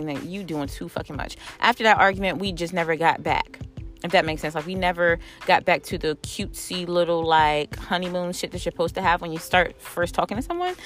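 A woman in her thirties, telling a dating story to camera in a blunt, profane, animated way and acting out both sides of the conversations. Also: fairly low pitch. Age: 30s. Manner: blunt, profane, animated retelling with quoted dialogue. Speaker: vlogger. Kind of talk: candid storytelling vlog.

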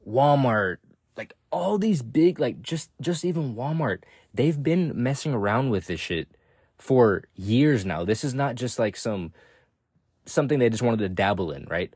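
A young man with a medium-pitched, darkish, slightly rough voice hosts a solo podcast at a measured, expressive pace, recorded dry with clean studio sound. His casual talk is loose and rambling, he swears often, repeats "again," and checks in with "right?" after every point.

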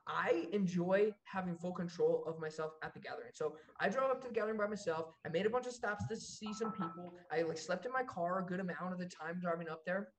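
Excitable young man telling stories. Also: high voice, a little fast, few pauses, slight background noise. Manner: excitable, laughing storyteller with many fillers. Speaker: podcast co-host. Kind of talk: casual chat.

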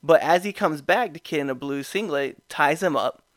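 A man with a slightly high voice tells a story on his podcast, animated and laughing often, with plenty of restarts. The sound is dry and close. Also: moderate pace, dry recording. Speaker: podcast host.

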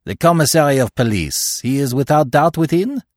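A man voicing a precise older Belgian detective who talks in a measured, grave way with French phrases. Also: mid-range voice, expressive, no echo, studio quality, voice pushed up, lightly acted. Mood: brisk.

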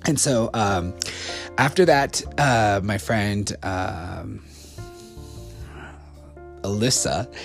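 A young man from the States chats through a travel story in a loose, rambling way, stumbling over restarts and fillers and laughing as he goes. His voice sits at an ordinary middle pitch, with faint music playing underneath. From United States. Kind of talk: casual storytelling to camera.

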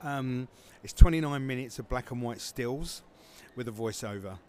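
A man's voice: medium pitch, normal speed, darkish tone, slight background noise. A man who founded a film festival, answering interview questions casually with many fillers and restarts.

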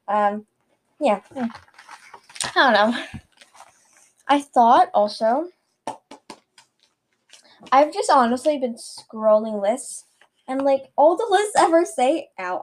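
Giggly rambling teenage girl, slightly high voice. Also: a little mellow, slight background noise. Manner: rambling, giggly and self-conscious. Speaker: podcast host. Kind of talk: casual solo podcast chat. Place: bedroom at home. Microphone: webcam mic at a distance.

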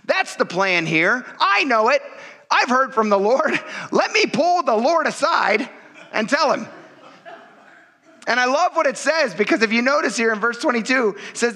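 A pastor preaching a sermon in a conversational, joking and emphatic way, often checking in with the congregation. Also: male voice, extremely high pitch, lively intonation, moderate pace, pushed and bright.

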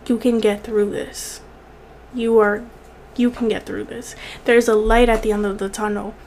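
A woman's voice: on the high side, little pitch movement, normal speed, darkish tone, slight background noise. A young woman vlogger speaking earnestly to the camera, repeating words for emphasis, at times tearful. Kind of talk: heartfelt direct-to-camera encouragement.

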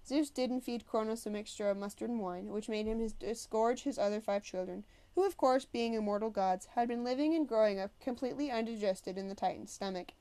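A woman's voice: a little high, fairly quick, few pauses, warm tone, natural voice. A woman reading a novel aloud and voicing a stern, demanding older male teacher who speaks in a formal, exacting way.

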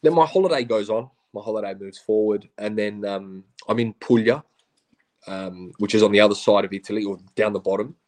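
A man's voice: on the low side, fairly quick. A man with an Australian accent, a podcast guest telling stories in casual, slangy chat and acting out what others said. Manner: animated, slangy, acts out quotes of others. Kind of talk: casual storytelling.

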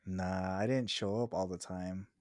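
Man, lowish voice, dry close sound, rambling casual storyteller, laughs a lot. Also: steady tone, measured pace, a little mellow, no echo. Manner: laughs through his own stories; loose, rambling with restarts.

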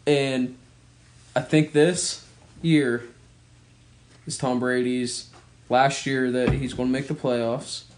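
A man's voice: mid-range voice, level tone, slow, pauses often, a little hiss or hum. A man co-hosting a podcast, chatting easily about sports and asking his partner for predictions. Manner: easygoing, asks for predictions. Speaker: podcast co-host. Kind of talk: casual sports chat.

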